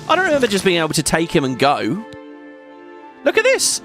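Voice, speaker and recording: A man's voice: sits high, huge pitch swings, a little fast, pauses often, fairly bright tone, soft background music. A man hosting a let's play, chatting casually and rambling as he thinks aloud and laughs often while he plays. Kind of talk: casual gameplay commentary.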